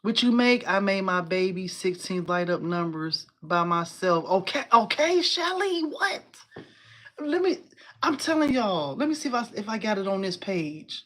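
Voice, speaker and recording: A woman in her forties hosting a casual crafting livestream, chatty and animated, talking to viewers and reading their comments. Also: mid-range voice, normal speed. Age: 40s. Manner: chatty and animated, addresses viewers as y'all, laughs often.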